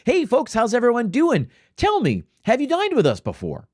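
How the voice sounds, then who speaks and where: Bubbly, gushing waiter greeting a table, pitched high and bright, as a man acts it out. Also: huge pitch swings, moderate pace, exaggerated voice. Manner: gushing, overly cheerful. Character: bubbly, eager restaurant server greeting guests.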